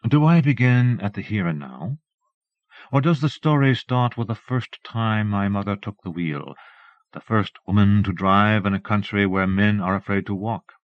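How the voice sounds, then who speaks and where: A man narrating an audiobook in a measured literary reading, recorded close to the mic and transferred from an old cassette. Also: on the low side, dry recording, dull audio.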